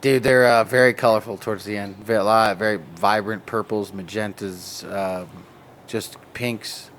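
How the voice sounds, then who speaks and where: A man's voice: lowish voice, fairly even intonation, moderate pace, fairly bright tone, a little hiss or hum. A man in casual podcast chat who rambles and jokes about plant breeding, often laughing. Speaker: cannabis breeder and show guest.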